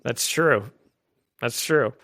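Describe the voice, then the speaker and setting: A man hosting a casual comic book podcast, animated and quick to laugh. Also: medium pitch, no room sound, studio quality. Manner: animated, laughs often, acts out quotes. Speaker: podcast host.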